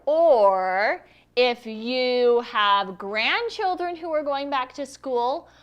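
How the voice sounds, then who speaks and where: A woman's voice: high-pitched, animated, very slow, clean tone, lo-fi sound. A woman hosting a casual live stream, chatty and giggly as she greets viewers and runs a giveaway. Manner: chatty, giggly, reads viewer comments aloud. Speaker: livestream host.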